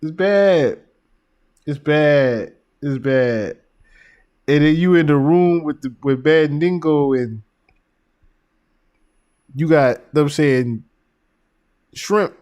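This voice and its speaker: A man hosting a podcast, giving casual commentary and animated stories, often breaking into laughter. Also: fairly high pitch, slow pace, pauses often. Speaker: podcast host.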